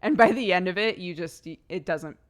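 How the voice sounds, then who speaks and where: Lady streamer goofing around with tongue twisters, kinda low voice, laughs a lot. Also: normal speed. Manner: playful, laughs often, reciting tongue twisters. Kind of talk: casual livestream chat.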